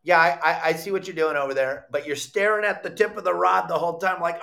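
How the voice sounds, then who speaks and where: A middle-aged man hosting a live fishing podcast, telling a story with lively acted-out quotes and bursts of shouting. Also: on the high side, fast talker, creaky, few pauses. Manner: animated storyteller, acts out quotes, shouts when excited. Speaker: podcast host.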